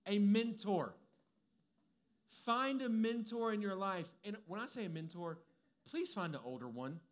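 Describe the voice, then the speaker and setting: A man's voice: high voice, expressive, unhurried. A young adult man giving a conversational, humorous sermon as a preacher, mixing personal stories with direct advice.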